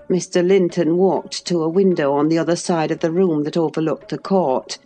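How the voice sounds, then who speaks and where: A woman narrating a classic novel as an audiobook, measured and expressive. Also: deep voice, faint music behind. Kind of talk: classic novel read aloud.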